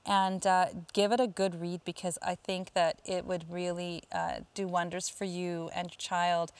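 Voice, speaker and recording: A woman's voice: on the low side, clear, resonant tone, no room sound. Chatty lady coach talking parents through stuff, lots of ums, dry sound. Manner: chatty, lots of fillers and restarts. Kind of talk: casual advice talk answering listener questions.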